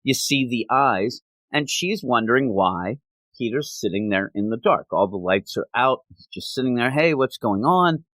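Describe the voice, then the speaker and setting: A man's voice: mid-range voice, moderate pace, fairly bright tone, dry recording. A man hosting a comic book podcast, recapping a story in a conversational way and quoting characters' lines as he goes. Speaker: podcast host. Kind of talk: casual comic book review.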